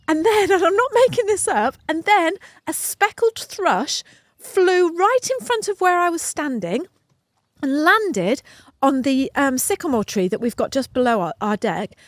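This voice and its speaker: A middle-aged woman chats on a podcast in an effusive, heartfelt way, her voice sitting fairly high. The sound is close and dry, with little room around it. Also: expressive, unhurried, no echo. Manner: effusive, emotional storytelling. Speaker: podcast co-host. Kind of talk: casual podcast chat. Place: outdoors at home.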